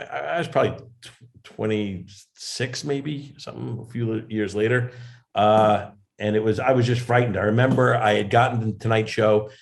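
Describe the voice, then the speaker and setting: A comedian guest telling an animated, self-deprecating anecdote in a casual interview. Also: male voice, fairly low pitch, vocal fry.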